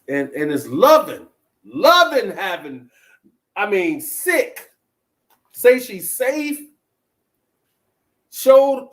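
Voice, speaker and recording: Slow-talking man hosting a chatty talk show. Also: very high-pitched, rough recording. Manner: chatty, asks listeners questions. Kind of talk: casual commentary.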